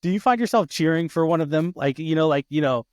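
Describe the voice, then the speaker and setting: A man in his thirties hosting a casual podcast interview, lively and quick to act out his kids' voices. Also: on the high side, no room sound, studio quality. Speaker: podcast host.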